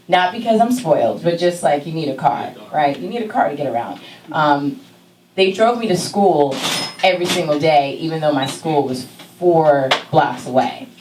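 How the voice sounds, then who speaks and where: A woman telling a funny story on stage, laughing and acting out voices with big jumps in pitch. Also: roomy sound, far from the mic, poor audio. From California. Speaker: stand-up comic telling a story. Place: stage in a small venue.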